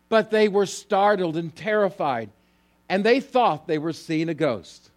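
A pastor delivers a sermon in a fairly high male voice, retelling the story with animated, emphatic lines that build as he goes. He keeps turning to his listeners with direct questions. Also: measured pace.

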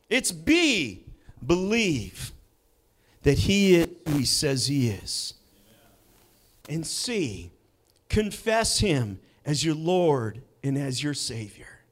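Slow, higher-voiced preacher man. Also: big pitch swings, a bit bright. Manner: slow storytelling with dramatic pauses. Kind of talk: sermon with personal testimony. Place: church sanctuary.

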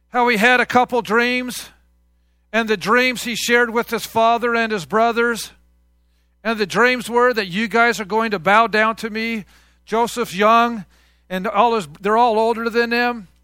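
Bright, high-voiced male pastor preaching. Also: fairly even intonation, a little slow, smooth, no echo, studio quality. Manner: conversational, call-and-response with congregation. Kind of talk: sermon.

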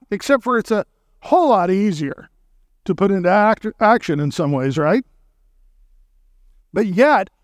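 A man preaching a sermon as a guest speaker, emphatic and often checking in with his listeners, slowing down to recite hymn and scripture lines. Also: high-pitched, dry recording, clean studio sound.

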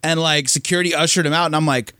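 A man's voice: fairly high pitch, steady tone, fast, bright, forceful tone, dry recording, studio quality. A man hosting a podcast interview, chatting casually. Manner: casual, chatty, laughs along. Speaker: podcast host.

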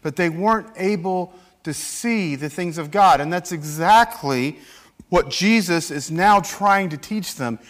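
A man's voice: high voice, measured pace. A man preaching a sermon in a church, acting out scripture quotes as he goes. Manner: animated, acts out scripture quotes. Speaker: pastor.

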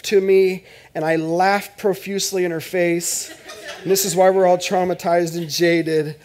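A man with a somewhat high voice delivers a sermon in a church. He talks to the congregation like friends, mixing jokes with earnest appeals. He swings between loud bursts and hushed asides. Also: a little slow. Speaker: pastor.

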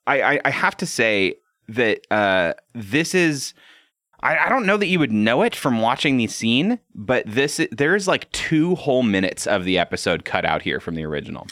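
Animated, bright-voiced male podcast host. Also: medium pitch, moderate pace, no echo, clean studio sound. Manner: animated storyteller, stammers and laughs often. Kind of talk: casual podcast chat.

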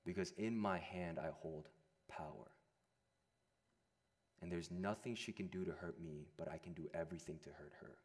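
A young adult man preaching a sermon to a room of listeners, animated, moving between loud emphasis and hushed quiet passages. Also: low voice, normal speed, pauses often. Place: large room with an audience. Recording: long hall reverb.

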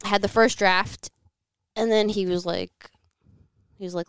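A very animated woman with a clear, resonant mid-range voice speaks a little slowly and pauses often. As a podcast guest in a home living room, she shares a personal story candidly, using "like" a lot and swearing occasionally, in a dry recording.

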